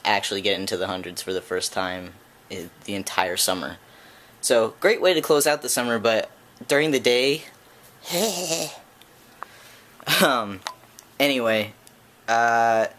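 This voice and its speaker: A man chatting casually in a home vlog, rambling with lots of ums and restarts, filmed on a handheld camera indoors. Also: a bit bright. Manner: baby talk to his dog in a playful high voice. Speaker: vlogger. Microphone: handheld camera held in one hand.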